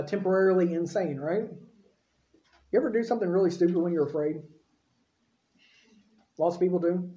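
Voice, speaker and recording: A man's voice: high-pitched, dark tone, roomy sound, highs cut off. A man preaching a sermon in a folksy, conversational way, with frequent asides to the congregation.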